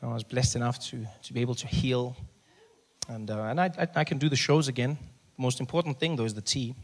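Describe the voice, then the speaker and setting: A man telling stories in a stand-up set and bantering with the audience, animated. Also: medium pitch, fast talker. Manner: animated storytelling, banters with the crowd. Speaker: stand-up comedian. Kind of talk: stand-up comedy. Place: theatre stage.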